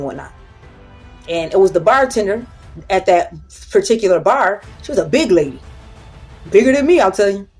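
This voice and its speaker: A woman with a slightly husky, breathy voice gives a casual motivational talk, blunt and unfiltered, with profanity woven through her storytelling. Her pitch sits in an ordinary middle range. Soft music plays faintly behind her.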